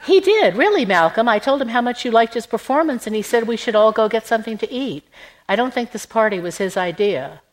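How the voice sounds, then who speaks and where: A woman voicing a restless, wry heroine who talks quickly in an audiobook. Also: on the high side, lively intonation, voice pushed up, lightly acted, rough recording. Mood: brisk.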